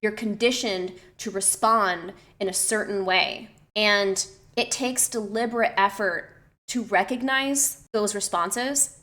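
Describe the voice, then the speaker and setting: A woman's voice: mid-range voice, slow pace, bright, forceful tone. A young woman streamer chatting to her live chat, reflective and loose, with many fillers and restarts. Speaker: streamer and personal trainer.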